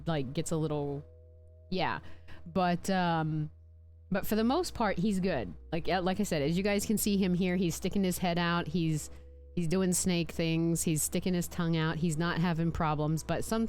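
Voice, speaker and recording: On a live stream, a chatty woman with a lowish voice shows off her pet snakes, rambling with lots of "likes" and playful restarts. She puts on silly voices for her snake while soft music plays faintly behind her.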